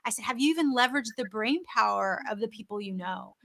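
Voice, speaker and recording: A woman's voice: fairly high pitch, lively intonation, quick pace, vocal fry, sharp tone. A woman hosting a virtual interview, telling her story in an upbeat, effusive way. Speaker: host.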